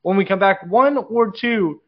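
A man with a slightly high voice, hosting a sports interview show and asking rambling, conversational questions. He talks over a video call, and the sound is muffled and lo-fi. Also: a little slow. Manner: conversational, loose questions with many "uh"s. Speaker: show host. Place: home room with a chart on the wall.

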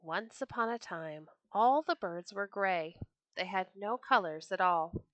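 A woman reading old storybooks aloud for children, lively and expressive as she lifts her voice for the characters. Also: medium pitch, a little slow, no echo. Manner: expressive, raises her voice for quoted birds.

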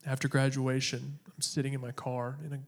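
A man from Oklahoma giving a personal faith testimony in an earnest, halting way, with long dramatic pauses. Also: mid-range voice, monotone.

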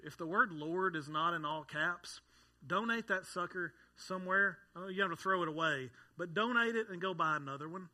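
A man's voice: high-pitched, sharp tone. A man in his thirties preaching a sermon to a congregation, conversational, with joking asides. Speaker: pastor.

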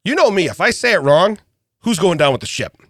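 A man's voice: high-pitched, fairly quick, no room sound, studio quality. A middle-aged man co-hosting a podcast, telling a family story in casual chat, laughing often and acting out what people said. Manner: animated storyteller, laughs often, acts out quotes. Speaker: podcast co-host.

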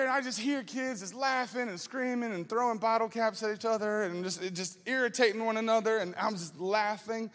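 A male student ministry pastor, preaching with animated storytelling that shifts from slow prayer to lively anecdotes. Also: extremely high pitch, big-room sound. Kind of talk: sermon with personal storytelling.

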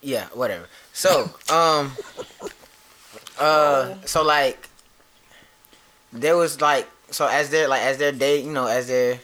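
Rambling man with a bright voice. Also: medium pitch. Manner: rambling, halting, full of fillers. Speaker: podcast co-host. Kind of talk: casual chat.

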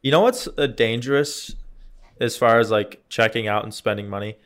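A man's voice: mid-range voice, normal speed. A young man in casual chat, telling stories animatedly and acting out the people in them. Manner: animated storyteller, acts out beeps and quotes.

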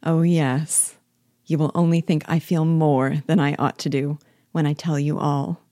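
A woman reading the part of a witty, lively young woman in a storybook reading, speaking in a wry, earnest way. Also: low voice, measured pace, dry recording, studio quality. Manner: wry, earnest, gently teasing.

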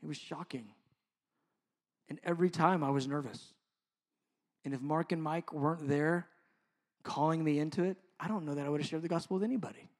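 A man in his fifties preaching a sermon as a pastor, moving from loud, drawn-out emphasis to hushed, near-whispered lines. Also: a little high. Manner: slow, drawn-out stresses on key words.

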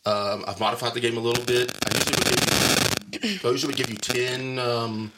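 A man's voice: medium pitch, steady tone, a little fast, very noisy. A middle-aged man hosting a podcast in casual, joking chat, teasing and laughing often. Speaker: podcast host.

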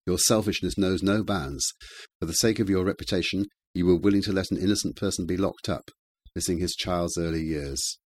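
A man voicing a quiet, determined man speaking firmly in an audiobook reading. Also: deep voice, fairly even intonation, fairly quick. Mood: scornful. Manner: quiet, firm. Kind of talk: audiobook character voice.

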